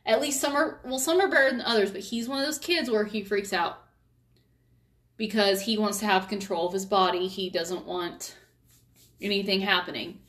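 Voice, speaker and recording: A woman's voice: mid-range voice, normal speed, a bit bright. A woman in her thirties telling a family story in a candid, chatty way, swearing freely. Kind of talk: casual storytelling.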